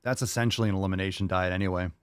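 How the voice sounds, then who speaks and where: A man's voice: low voice, fairly even intonation, racing, smooth, no room sound, clean studio sound. A man hosting a podcast, answering listener questions in a loose, rambling chat with jokey asides. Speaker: podcast host.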